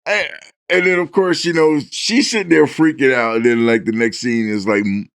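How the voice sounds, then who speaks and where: A man's voice: medium pitch, normal speed, clean tone, no echo, clean studio sound. A man co-hosting a podcast, telling stories with animation and acting out lines, restarting in bursts. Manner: animated storyteller who acts out the characters' lines. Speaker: podcast co-host. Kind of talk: casual chat, storytelling.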